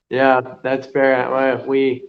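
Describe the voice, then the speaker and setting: A young man chatting casually on a video call, rambling with lots of fillers and restarts. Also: medium pitch. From United States. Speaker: conversation partner. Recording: muffled video call audio, faint hiss.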